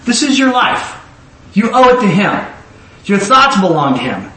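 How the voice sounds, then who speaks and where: A man preaching a conversational sermon, animated and rambling, often acting out quoted voices. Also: high voice, moderate pace. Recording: echoey room from far off, faint ambience.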